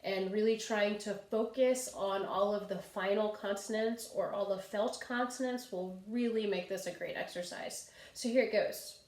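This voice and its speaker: A young woman coaching a vocal warm-up in a chatty, self-amused way, with breathy sighs and crisp tongue twisters. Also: mid-range voice, fairly even intonation, moderate pace, hardly any pauses. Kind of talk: casual vocal warm-up lesson. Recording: roomy echo.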